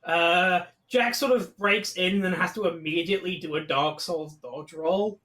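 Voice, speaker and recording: A man's voice: high-pitched, moderate pace, bright, forceful tone. A man co-hosting a podcast recap in casual chat, swearing freely and laughing often. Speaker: podcast co-host.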